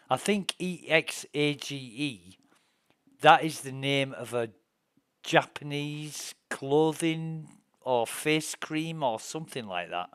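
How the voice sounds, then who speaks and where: A man's voice: mid-range voice, a bit bright, clean tone, dry recording. A middle-aged man chats while streaming a game, drifting into indignant, profane anecdotes. His voice sits in a middle register. It is recorded close, with no room sound. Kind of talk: casual gameplay chat and storytelling.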